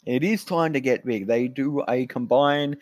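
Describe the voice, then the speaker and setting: A man's voice: medium pitch, normal speed, no echo. A man in casual podcast chat, making dry, sarcastic jokes and swearing freely. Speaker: podcast co-host.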